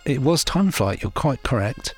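A man's voice: mid-range voice, expressive, moderate pace, husky, faint music behind. A man co-hosting a podcast in casual, chatty talk, full of fillers and easy laughter. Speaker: podcast co-host. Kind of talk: casual chat.

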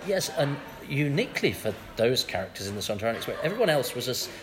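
Fast-talking male interviewer. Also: medium pitch, sing-song, crowd noise. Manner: brisk, chatty questioning. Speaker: podcast host. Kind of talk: casual interview.

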